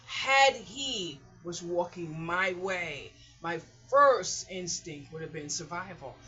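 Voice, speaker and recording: Lady vlogger ranting through a story, acts out what she said, sharp bright voice, dull lo-fi sound. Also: on the low side, lively intonation, takes it slowly, faint music behind. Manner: emphatic, acts out her own past lines. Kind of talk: casual storytelling. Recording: dull lo-fi recording.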